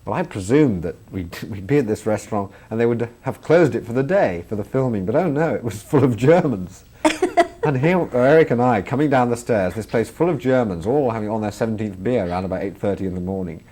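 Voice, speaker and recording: A man's voice: fairly low pitch, lively intonation, a little fast, a little mellow. A man, a comedian and filmmaker chatting in an interview and laughing through his stories. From England. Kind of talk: interview anecdotes.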